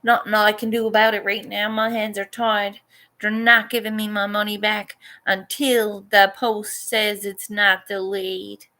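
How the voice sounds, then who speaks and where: Woman from Canada, unhurried delivery, casual vlog chat, venting with swearing. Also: mid-range voice, level tone, pushed and bright. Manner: chatty, venting, swears freely. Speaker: artist vlogger.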